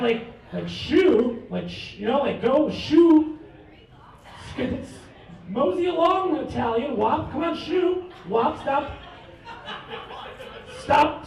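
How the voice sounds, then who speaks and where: Guy doing standup in a bar, real high voice, bragging like he's famous, echoey far mic. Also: darkish tone. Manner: cocky, mock-boastful. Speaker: stand-up comedian. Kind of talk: stand-up comedy set.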